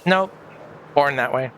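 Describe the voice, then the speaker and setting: A man's voice: mid-range voice, fairly bright tone, slight background noise. A man streaming from home, grieving, talking candidly in a rambling, sweary way. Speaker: livestreamer. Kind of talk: casual livestream chat.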